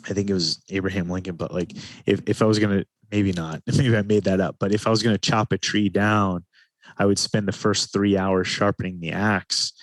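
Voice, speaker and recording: A man, a guest in an interview, speaking in a calm, reflective way and often slowing his speech down. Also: low voice, no echo. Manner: calm, slows his speech to stress points. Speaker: podcast guest, men's retreat facilitator.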